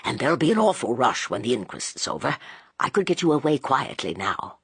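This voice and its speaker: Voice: medium pitch, very animated, fairly quick, husky, no room sound, heavily acted. An audiobook reader voicing a kindly, plain-spoken police inspector who talks in a colloquial way. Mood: confiding. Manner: colloquial, good-natured.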